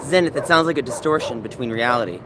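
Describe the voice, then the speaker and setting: A man live streams outdoors from a dog park in a mid-range voice, talking quickly with lively intonation. He rambles loosely, reads the chat aloud as he walks, and talks to the dogs. Faint outdoor noise and barking dogs can be heard behind him.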